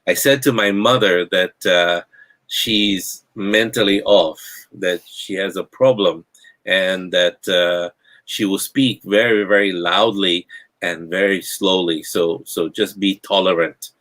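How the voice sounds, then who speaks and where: A man's voice: low voice, fairly even intonation, slow pace, a bit bright, poor audio. A man hosting a casual group discussion, often stammering and restarting as he tells a story. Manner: hesitant, stammering restarts, laughs while telling stories. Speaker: host. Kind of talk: casual chat.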